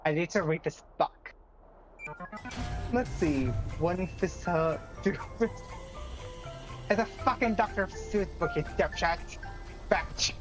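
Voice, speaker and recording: A woman's voice: fairly low pitch, slow, long pauses, music in the background. A woman putting on a sulky valley-girl drawl as a bratty young cartoon princess.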